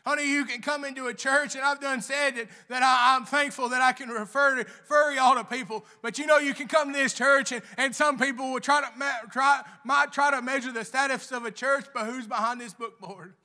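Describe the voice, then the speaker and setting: A man preaching in church with a strikingly high, thin voice. He delivers a fervent sermon, calls everyone "honey" again and again, and climbs into shouts. His tone stays sharp and piercing throughout. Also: fairly even intonation, brisk, few pauses. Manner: fervent, keeps repeating "honey", rising to shouts. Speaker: lay preacher.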